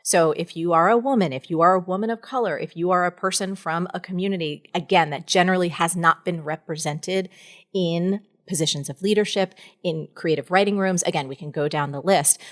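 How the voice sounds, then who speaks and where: A middle-aged woman speaks as a guest on a candid podcast, earnest and encouraging. Her voice sits a little low, and she leans into her points in emphatic bursts.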